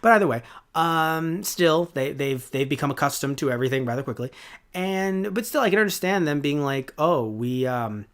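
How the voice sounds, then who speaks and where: A man's voice: a little high, normal speed. A man in his twenties hosting a podcast, giving a casual review in a rambling, sarcastic way with lots of fillers and restarts. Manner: rambling and sarcastic, with many fillers and self-corrections. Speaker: podcast host.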